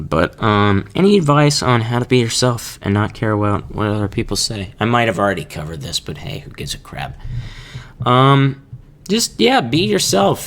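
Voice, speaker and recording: Young male podcast host, unhurried and rambling, gravelly bright tone, jokey asides. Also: medium pitch. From Kansas. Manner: rambling, jokey, laughs between thoughts. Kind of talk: casual solo podcast chat.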